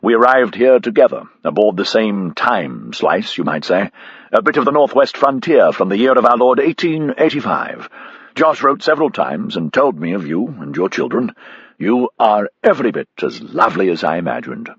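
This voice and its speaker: A man's voice: on the low side, sing-song, normal speed, breathy edge, no room sound, lo-fi sound, full character voice. A man voicing a formal, courtly British army captain in his seventies, speaking with a British accent. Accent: British (figure). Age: 70s (figure).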